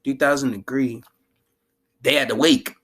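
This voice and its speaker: A man talks through an anime episode in loose, slangy casual chat. He is animated and laughs often. His voice sits at an ordinary pitch for a man. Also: unhurried, gravelly. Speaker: anime commentator.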